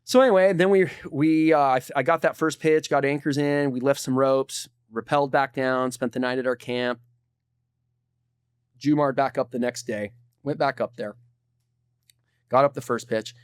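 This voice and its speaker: A middle-aged man, a podcast guest, telling climbing stories in a laid-back, animated way. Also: medium pitch, normal speed, smooth, no echo, clean studio sound. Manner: animated, laid-back storyteller saying dude. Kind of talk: casual storytelling.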